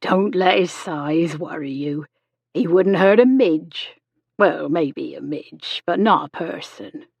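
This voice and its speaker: A woman voicing a kindly, practical older woman nurse, with slow, matter-of-fact speech. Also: low-pitched, creaky, a little mellow, slightly rough, dry recording, heavily acted. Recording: dull lo-fi audio.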